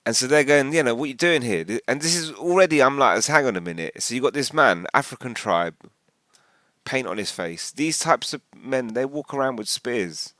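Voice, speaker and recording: A man rambling casually through a commentary video, animated and full of restarts. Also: medium pitch, moderate pace, dry recording, studio quality.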